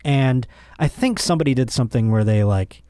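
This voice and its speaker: A man's voice: a little fast, no room sound, studio quality. A man hosting a comedy podcast, ranting and joking crudely, his voice jumping up when he gets worked up. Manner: animated, crude, jokey, voice jumps high when worked up. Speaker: podcast host. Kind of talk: casual comedic rant.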